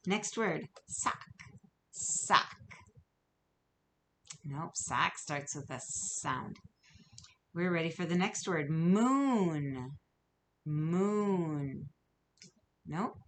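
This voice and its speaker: A woman's voice: fairly low pitch, lively intonation, slow pace, a little hiss or hum. A woman teaching a phonics lesson to young children, speaking patiently and encouragingly, stretching out sounds. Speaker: kindergarten teacher. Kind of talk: recorded remote phonics lesson.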